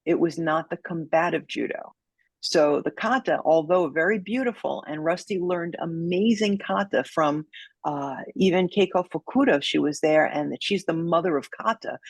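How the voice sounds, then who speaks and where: Woman, husky voice, dry close sound, dramatic storyteller, podcast guest. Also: sits low, expressive, a little slow, no room sound. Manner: vivid, dramatic storyteller acting out quotes. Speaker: guest, judo sensei.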